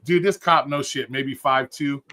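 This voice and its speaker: A man's voice: mid-range voice, measured pace, pushed and bright. A man telling stories on a live stream in a casual, blunt and profane way. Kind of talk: casual storytelling.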